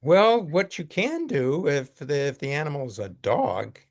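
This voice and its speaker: An older man telling a story in a casual talk, earnest and halting, with many fillers. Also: a little high, wildly swooping pitch. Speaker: speaker taking questions.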